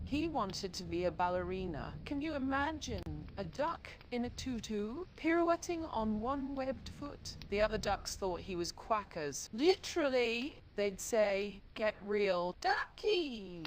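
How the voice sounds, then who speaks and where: A woman's voice: on the high side, background noise. A woman streamer with a synthetic-sounding voice, telling playful, punny stories to a live chat.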